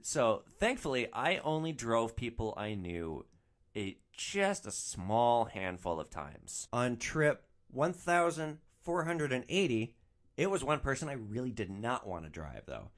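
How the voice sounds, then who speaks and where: A young man hosting a solo podcast, telling stories in an animated, ranting way and swearing freely. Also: mid-range voice, measured pace. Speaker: podcast host.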